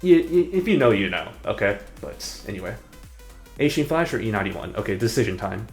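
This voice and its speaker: A man's voice: fairly low pitch, big pitch swings, fairly quick, faint music behind. A man streaming and chatting casually, rambling and hesitating as he corrects himself mid-sentence. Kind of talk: casual live-stream commentary.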